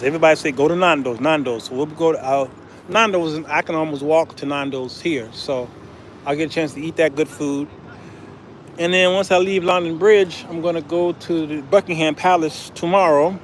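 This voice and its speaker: A man's voice: fairly high pitch, a little hiss or hum. A man talking casually to his viewers in a travel vlog, chatty and chuckling often. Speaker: vlogger.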